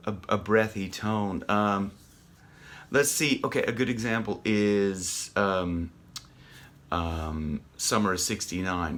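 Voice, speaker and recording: A man teaching a casual singing lesson, chatty and rambling with many ums and restarts, breaking off to sing loud rock lines. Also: medium pitch. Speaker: vocal coach.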